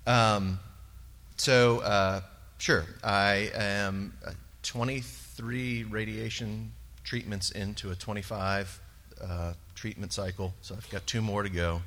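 A man sharing a personal testimony in church, earnest and halting, with many pauses and fillers. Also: lowish voice, fairly even intonation, fairly bright tone. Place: church sanctuary. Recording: long reverb of a large hall.

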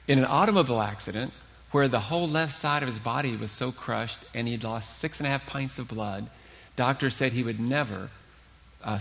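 A man preaching a sermon as pastor, earnest and emphatic, with dramatic pauses. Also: mid-range voice, creaky, long reverb tail.

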